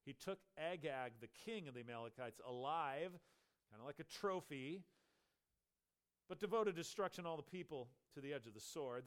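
A man preaching a Bible sermon, retelling the story with animated storytelling and acting out the characters' lines. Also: medium pitch, clear, resonant tone.

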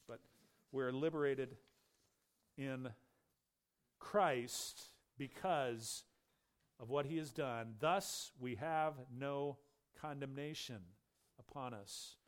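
A man preaching a sermon with emphatic stress, raising his voice for questions and dropping low on key words.

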